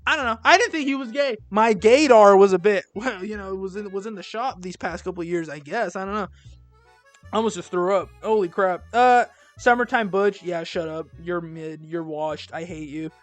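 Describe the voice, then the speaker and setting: A man's voice: sits high, normal speed, soft background music. A young man giving casual, blunt and sarcastic commentary as he ranks albums, rambling with lots of fillers. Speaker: video creator ranking albums. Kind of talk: casual rant-style commentary.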